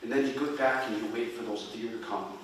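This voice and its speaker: A man's voice: fairly low pitch, a little fast, slight background noise, close to an everyday voice. A man voicing a wise, teasing old grandfather with a patient, playful manner, recorded from far off in an echoey hall. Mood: instructing.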